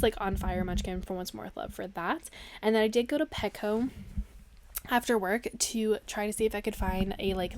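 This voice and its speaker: A woman's voice: on the high side, noisy background. A young woman talks through her weekly planner stickers in a loose, chatty way. She rambles, drops fillers and laughs between thoughts. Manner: bubbly, rambling, laughs often, many fillers. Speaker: planner vlogger. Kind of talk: casual chatty planner walkthrough.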